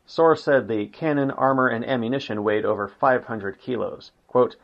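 Man reading history aloud, lo-fi. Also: medium pitch. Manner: unhurried reading, says "quote" and "end quote", occasional slips. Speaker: narrator.

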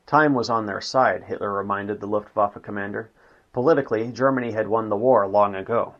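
A man reading a history book aloud at an unhurried pace, marking quotations aloud and making occasional slips, in a dull lo-fi recording. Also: lowish voice, steady tone, a bit bright. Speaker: narrator.

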